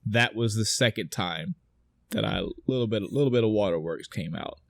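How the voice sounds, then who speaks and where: A man co-hosting a podcast, excitedly retelling a film scene by scene, swearing and acting out the dialogue. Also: lowish voice, brisk, creaky, dry recording, studio quality. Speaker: podcast co-host. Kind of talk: casual film discussion.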